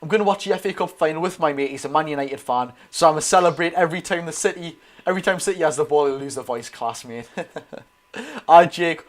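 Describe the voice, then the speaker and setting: A man's voice: fairly high pitch, fairly quick. A young Geordie man giving chatty live commentary on a football match and answering his viewers' chat. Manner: chatty, reads out live chat and reacts to play. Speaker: football watch-along streamer.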